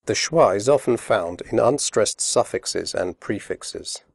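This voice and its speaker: British male teacher, low-ish voice, very slow and careful, dry close studio read. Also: lively intonation, no room sound. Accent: British English. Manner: slow, deliberate, modelling sounds clearly for learners. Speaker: English pronunciation teacher. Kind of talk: scripted instructional narration.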